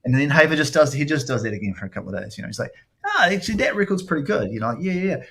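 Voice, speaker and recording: Animated, rambling man hosting a podcast. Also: mid-range voice, racing, gravelly. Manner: rambling, animated storyteller who swears freely. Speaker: podcast host. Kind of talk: casual podcast chat.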